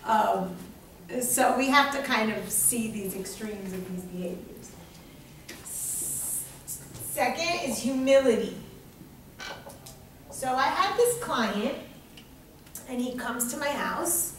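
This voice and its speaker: A woman teaching a workshop in a lively, blunt way, acting out quotes in funny voices. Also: mid-range voice. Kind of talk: lively workshop talk with acted anecdotes. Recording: echoey room, mic far off, faint noise.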